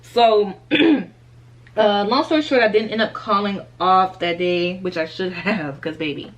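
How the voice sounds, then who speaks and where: A young woman vlogger giving a candid life update, chatting straight to her viewers as y'all and baby and laughing softly through a sad story. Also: medium pitch, measured pace.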